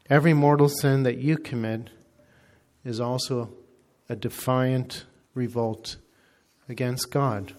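Male priest, sermon delivery; slow and emphatic, mid-pitched. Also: fairly even intonation, a little mellow. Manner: deliberate, emphatic preaching.

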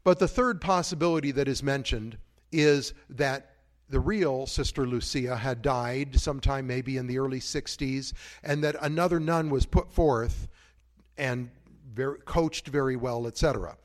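A man's voice: medium pitch, a little slow. A man who is a priest, giving a conference talk in a conversational, digressive way with frequent asides.

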